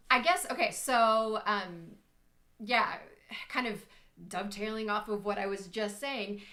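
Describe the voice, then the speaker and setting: Young woman coach chatting on a live stream, loose and laughy, thinks out loud. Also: medium pitch. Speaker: English communication coach. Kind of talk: casual live-stream chat.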